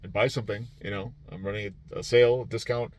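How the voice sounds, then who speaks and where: A man's voice: lowish voice, steady tone, quick pace, darkish tone. A man who runs tabletop games at a convention, recapping his weekend in a loose, rambling way with lots of fillers and restarts. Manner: rambling, many fillers and restarts, laughs easily. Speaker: game master at a convention. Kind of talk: casual vlog recap.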